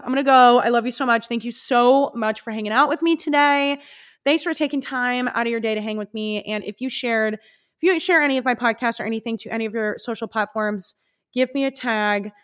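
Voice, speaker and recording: A woman's voice: a little high, clear, resonant tone. A young woman hosting her own podcast alone, chatting casually in a bubbly, gushing way. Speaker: podcast host. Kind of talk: solo casual podcast chat.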